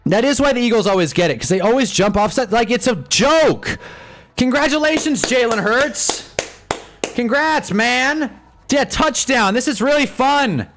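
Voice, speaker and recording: A young man hosting a live stream, reacting to a football game in casual commentary, with swings from low muttering to loud frustrated outbursts. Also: expressive, moderate pace, few pauses, faint music behind. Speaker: live-stream sports fan host.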